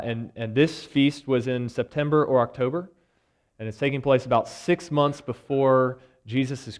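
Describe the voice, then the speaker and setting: A man who is a church elder, preaching an expository sermon in a conversational, teaching tone, often pausing on "uh" and "um" and giving the people in the story lively voices. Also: mid-range voice. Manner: conversational teaching, retells scripture scenes with lively quoted voices; frequent "uh" and "um" fillers.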